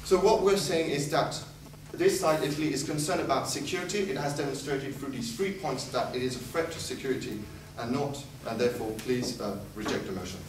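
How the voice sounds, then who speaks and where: A man's voice: mid-range voice, a little fast. A man giving a formal competitive debate speech, full of sarcastic, ironic jabs. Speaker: debate speaker. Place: debate hall. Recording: echoey hall from far off with noise.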